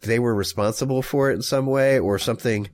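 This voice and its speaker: A man co-hosting a casual comedy podcast, telling a story in a rambling, jokey way and acting out people in quick voices. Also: medium pitch.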